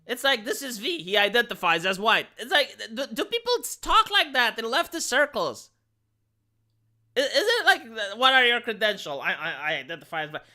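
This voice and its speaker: A man from Romania reacts on a live stream in loose, casual commentary. His voice is bright and swings widely in pitch. He stammers, restarts and leans heavily on filler words. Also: very animated, normal speed.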